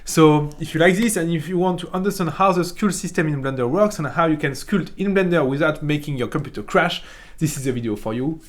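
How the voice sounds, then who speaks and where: A young man from France with a French accent, casually teaching 3D software in a chatty way, often tagging "right?" and restarting his sentences. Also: a little high, brisk, slight background noise. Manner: chatty, frequent "right?" tags, many restarts. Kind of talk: casual screen-recorded software tutorial.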